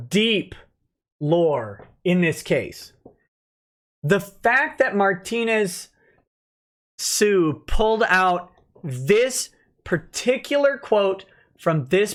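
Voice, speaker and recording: A man in his thirties, a lawyer host reading court filings aloud and commenting, rushing through citations and slowing down hard to stress his points. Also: high voice, a bit bright. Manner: reads citations fast, then slows to stress points; stumbles and self-corrects on case names.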